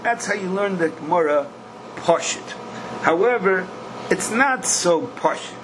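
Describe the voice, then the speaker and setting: Older teacher, slightly high voice, singsong questions, sudden emphatic bursts, faint background hiss. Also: male voice, animated, unhurried. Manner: questioning singsong, bursts of emphasis, Yiddish-style Hebrew terms. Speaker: Talmud teacher. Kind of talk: Talmud class lecture.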